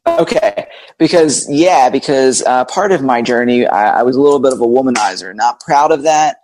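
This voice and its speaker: A man in his forties, a guest telling a candid, animated personal story about meeting his wife. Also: mid-range voice, normal speed.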